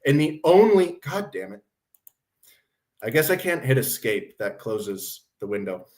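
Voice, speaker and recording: A man's voice: mid-range voice, very animated, normal speed, darkish tone. A man hosting a casual commentary stream, talking bluntly with a sardonic, profane edge. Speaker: host.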